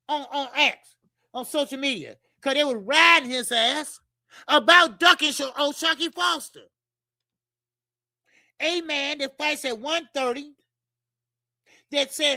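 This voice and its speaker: A man hosting a casual boxing show, ranting heatedly and cursing, shouting at times. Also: extremely high pitch, measured pace, long pauses, no room sound, studio quality. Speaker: boxing commentary show host.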